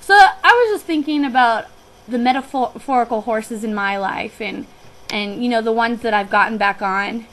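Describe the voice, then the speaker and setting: A woman's voice: on the high side, moderate pace, fairly bright tone, rough recording. A young woman who works on a guest ranch, telling a personal story in a chatty, reflective way with frequent restarts.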